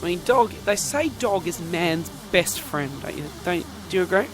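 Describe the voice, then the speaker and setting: A man's voice: high-pitched, animated, normal speed, music in the background. A young man hosting a casual comedy podcast, joking and rambling, often tripping over and repeating his words. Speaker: podcast host.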